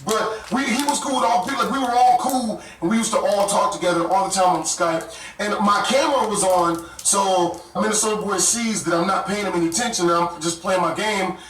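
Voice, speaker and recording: A man telling a story in casual, animated talk, often cursing and laughing as he goes. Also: high-pitched, brisk, slight background noise. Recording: echoey room, mic far off.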